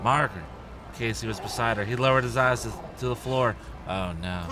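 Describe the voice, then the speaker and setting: A man's voice: mid-range voice, a little fast, a crowd in the background. A man reading a children's horror story aloud to friends, stumbling over words and laughing as he goes. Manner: lively narration, stumbling and laughing. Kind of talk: casual group read-aloud.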